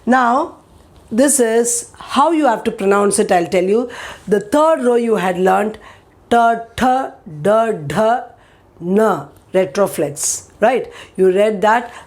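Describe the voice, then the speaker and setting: A woman's voice: fairly high pitch, lively intonation, slow, a little mellow. A woman, patiently teaching pronunciation and repeating each word for learners. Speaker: language teacher. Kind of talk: pronunciation lesson.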